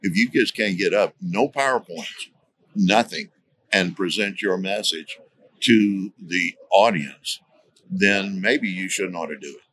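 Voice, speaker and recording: A man with a very low-pitched voice that still carries a bright, forceful edge. He talks as a podcast guest in a deliberate, teaching manner, circling back to repeat his key words. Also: dry recording. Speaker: guest, safety trainer. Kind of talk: conversational podcast interview.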